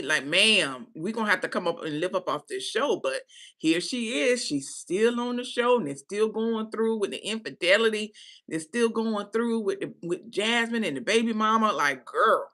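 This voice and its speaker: A woman with a bright, forward voice chats through a casual live commentary. She talks in an animated, slangy way, checking in with listeners again and again. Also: medium pitch. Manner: chatty, animated, slangy with "baby" and "right?". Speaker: host.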